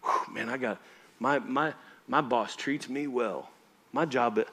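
Male pastor, conversational and emphatic preaching, regular pitch, asks the room if they're with him. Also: unhurried, a bit bright, breathy edge. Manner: conversational and emphatic, often asks the congregation if they follow. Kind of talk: sermon. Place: church.

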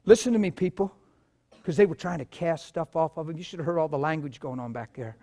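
A man preaching a sermon and telling stories, swinging from low murmurs to loud shouts. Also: quick pace. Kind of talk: sermon with testimonies.

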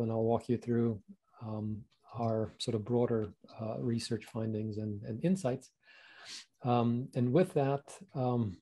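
Male co-host, earnest and affirming, very mellow dark timbre. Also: medium pitch. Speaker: podcast co-host. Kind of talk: interview hosting.

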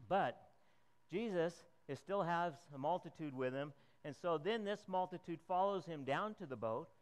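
A man preaching a conversational sermon, asking the congregation questions and chuckling as he retells the story. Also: a little high.

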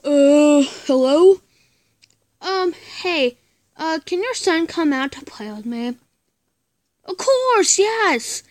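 A woman acting out a silly improvised skit on her own, switching between characters with whiny sighs and hushed whispers. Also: high voice, expressive, slow, no echo. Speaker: video maker. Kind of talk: improvised one-person skit.

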